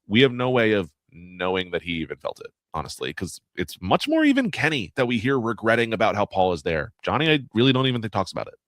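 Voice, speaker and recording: A man's voice: on the low side, sing-song, quick pace, few pauses, fairly bright tone, no echo. A man co-hosting a podcast in casual chat, laughing often and quoting people in mock voices. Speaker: podcast co-host.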